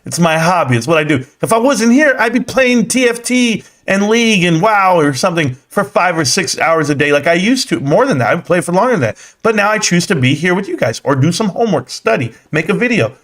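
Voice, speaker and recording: Young male streamer, loose and slangy, fairly high voice, reads chat off the cuff. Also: big pitch swings, fairly quick, hardly any pauses, a bit bright. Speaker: live stream host. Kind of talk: casual live stream chat.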